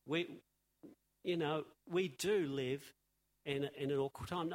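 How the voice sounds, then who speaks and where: A man preaching a sermon, animated, asking rhetorical questions and repeating phrases for emphasis. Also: on the high side.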